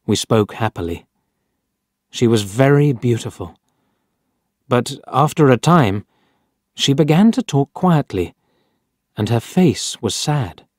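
A man reading a simple story aloud as narrator, clear and deliberate. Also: mid-range voice, animated, a little mellow, no echo, clean studio sound. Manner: clear, deliberate graded-reader delivery.

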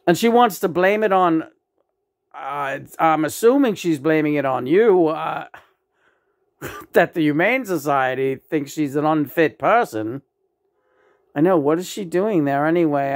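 A woman channeling the spirit of a late male rock musician, talking in a lowered, soothing then gossipy way. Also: no echo, studio quality.

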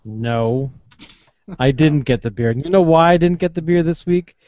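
A Canadian man co-hosting a casual beer podcast, loud and joking. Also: on the high side, moderate pace, dry recording. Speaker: podcast co-host. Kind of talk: casual chat over beers. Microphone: video call. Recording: dry muffled online call.

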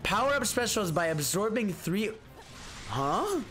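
High, lively excitable gaming streamer man. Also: unhurried, faint music behind. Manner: excitable, profane, says "bro" constantly. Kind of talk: excited let's-play commentary.

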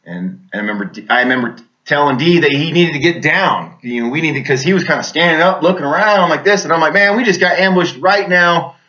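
A man's voice: a little high, animated, quick pace, bright, forceful tone. A man telling a personal war story as a veteran, rambling, repeating words, with many fillers. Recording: dull lo-fi recording.

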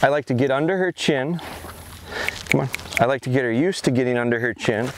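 A middle-aged man, a dog trainer, talking through an outdoor training session in a calm, plain-spoken way, recorded outside on a camera mic. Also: medium pitch, fairly quick, slight background noise. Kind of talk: casual instructional vlog. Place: outdoors in a yard.

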